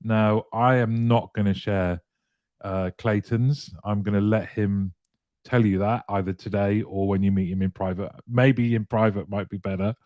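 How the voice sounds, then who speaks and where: So a guy hosting a live stream, reads the chat, jokes and laughs a lot, kinda low voice. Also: steady tone, normal speed, darkish tone, dry recording, lo-fi sound. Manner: chatty and jokey, laughing often. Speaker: livestream show host. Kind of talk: casual live chat, greeting viewers and reading comments.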